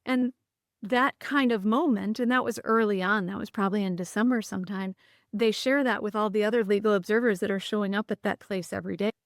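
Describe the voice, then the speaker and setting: A woman's voice: mid-range voice, steady tone, fairly quick, no echo, studio quality. A woman, a podcast guest earnestly recounting stories with frequent restarts. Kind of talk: conversational storytelling.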